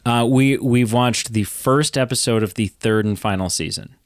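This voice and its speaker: A man co-hosting a casual podcast chat, chatty and self-deprecating, talking through rapid runs. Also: mid-range voice, clean tone, no echo, studio quality. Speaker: podcast co-host.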